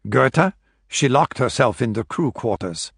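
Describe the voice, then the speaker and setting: A man's voice: mid-range voice, animated, a little slow, creaky, slightly rough, no echo, full character voice. A man reading an audiobook voices a sly male conspirator who speaks with dry, mocking irony. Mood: sardonic.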